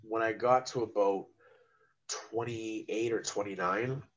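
A man in his forties from Canada talks through his working life in a relaxed, chatty way, animated and quick to act out other people's lines. His voice sits low. The recording sounds somewhat dull and lo-fi. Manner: animated storyteller who acts out the people he quotes. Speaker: guest, rapper and former chef. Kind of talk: casual podcast storytelling.

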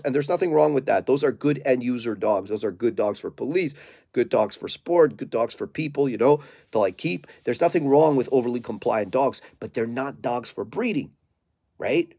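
A man who trains dogs, talking bluntly and casually in a live question-and-answer session, swearing freely and acting out dogs and owners in quick put-on voices. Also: mid-range voice, gravelly, a little mellow, no echo, studio quality. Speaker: dog trainer.

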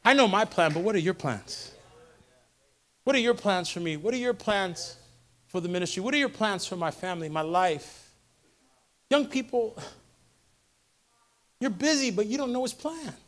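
A man with a very high voice preaches to his congregation. He repeats lines in call-and-response fashion and swells to shouted peaks, speaking from a church service. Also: animated, moderate pace, pauses often. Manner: impassioned preaching that builds to shouted crescendos; repetitive call-and-response rhetoric. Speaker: pastor. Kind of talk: sermon.

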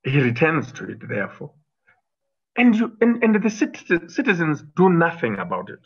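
A man's voice: fairly high pitch, wildly swooping pitch, normal speed, slightly rough. Combative man, lo-fi sound. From Zimbabwe. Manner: combative, emphatic, many fillers and restarts. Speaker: interview guest, former cabinet minister. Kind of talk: political interview talk.

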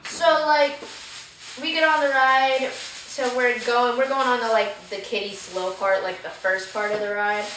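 A woman's voice: on the high side, fairly even intonation, unhurried, a bit bright, slight background noise. A young girl casually telling a story to friends, giggling and mimicking screams. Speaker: vlog participant. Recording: echoey room, mic at a distance.

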